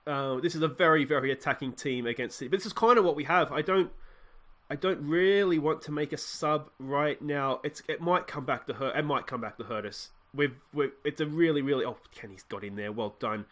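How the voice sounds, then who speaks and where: A young man with an Australian accent talks through his video game as he plays, excitable and thinking aloud. His voice sits a little high and sounds bright and forceful. He is close on a desk mic. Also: fairly quick. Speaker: let's play host.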